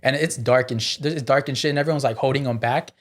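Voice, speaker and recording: A man's voice: mid-range voice, fast. Man telling a rowdy story. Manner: profane, filler-heavy storytelling with many "like"s. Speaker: guest comedian. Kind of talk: casual podcast storytelling.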